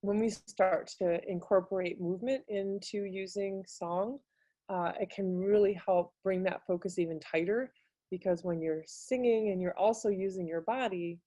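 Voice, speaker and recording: Woman presenter, mellow dry voice, casual and hesitant, on a video call. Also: steady tone, normal speed, no room sound. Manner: casual and hesitant, many fillers, bursts into high singing demonstrations. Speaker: music teaching artist presenter. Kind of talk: webinar talk.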